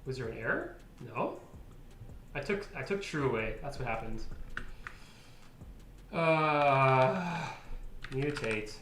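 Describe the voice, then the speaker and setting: A man working through code on a live stream, talking slowly and mumbling his steps to himself. His voice is bright and a little sharp, and it carries an echo from a bare room with faint noise behind it. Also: medium pitch, expressive. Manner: mutters to himself, frequent exasperated outbursts and laughs. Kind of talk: live coding stream, thinking aloud. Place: room at a computer, keyboard clicks.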